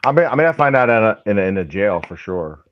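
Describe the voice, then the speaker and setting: A man's voice: on the low side, sing-song, fast talker, highs cut off. A man who is a firefighter and paranormal investigator, chatting hesitantly as a podcast guest with lots of restarts. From American South. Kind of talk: casual podcast chat.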